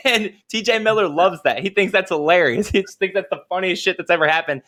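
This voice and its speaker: A man's voice: sits high, quick pace, hardly any pauses, a bit bright. A young man co-hosting a casual podcast, telling rambling stories, laughing often and trailing off mid-sentence. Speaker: podcast co-host. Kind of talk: casual chat.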